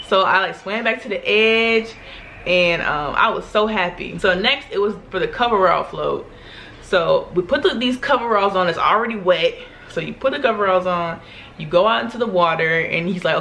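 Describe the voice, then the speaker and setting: A young woman vlogger telling a story to camera in a chatty, animated way, laughing often and using slang. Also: on the low side, moderate pace, a little hiss or hum.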